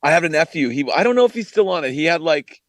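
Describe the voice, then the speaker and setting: A man's voice: fairly high pitch, expressive, fast, no room sound. A man in casual chat, laid-back and joking with friends.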